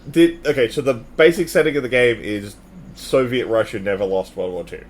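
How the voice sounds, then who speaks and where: A man's voice: medium pitch, moderate pace. Man ranting in casual podcast chat. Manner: emphatic, opinionated ranting. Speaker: podcast co-host.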